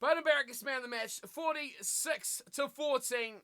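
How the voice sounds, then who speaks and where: This is a very high-pitched man at a normal pace, giving animated live commentary on a rugby game for his stream. He keeps asking rhetorical questions while reading viewers' chat out loud and replying.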